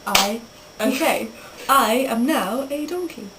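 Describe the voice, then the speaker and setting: Young woman, giggly home vlogger, animal noises, unhurried delivery, lively pitch. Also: distant mic. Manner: giggly, doing animal noises between laughs. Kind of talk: silly animal impressions. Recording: noisy home recording.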